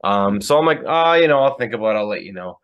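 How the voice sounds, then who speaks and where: A man co-hosting a podcast, telling a story in a relaxed, rambling way with lots of fillers. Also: lowish voice, fast talker, clean tone, dull audio. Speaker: podcast co-host. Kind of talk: casual chat.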